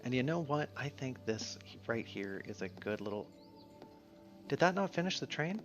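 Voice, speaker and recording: A man streaming a game in a relaxed, casual way, musing to himself as he plays. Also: mid-range voice, moderate pace. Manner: easygoing, mumbles to himself while playing. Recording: slightly dull sound, faint music behind.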